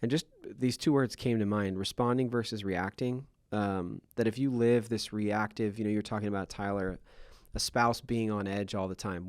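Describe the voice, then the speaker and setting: Low-pitched man in his 30s, podcast host, candid and self-revealing, dry close sound. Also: no echo. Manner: open, self-revealing storyteller with frequent fillers.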